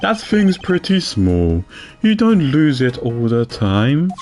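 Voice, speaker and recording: A man's voice: medium pitch, wildly swooping pitch, slow, darkish tone, slight background noise. A man voicing a bumbling, loyal male police detective in a dopey accented voice, reading video game dialogue aloud. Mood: eager, rambling.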